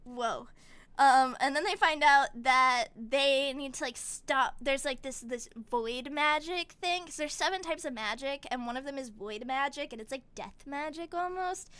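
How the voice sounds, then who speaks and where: A young woman streamer in casual chat, with a high, bright voice. She retells things in an animated way, slipping into quick voices with giggles. The sound is dry and close to the mic. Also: dry recording.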